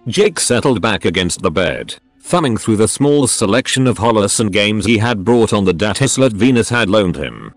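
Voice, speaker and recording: A man's synthetic text-to-speech voice narrating a story, with even, unhurried reading. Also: on the low side, no echo, faint music behind. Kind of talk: audiobook-style story reading.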